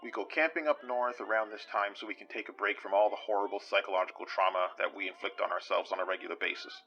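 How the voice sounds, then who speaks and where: A man's voice: on the low side, fairly even intonation, fast talker, bright, forceful tone, lo-fi sound, a little hiss or hum. A man playing a fumbling detective. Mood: awkward. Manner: hesitant, fumbling, self-deprecating. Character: awkward man detective in a trench coat. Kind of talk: audio drama acting.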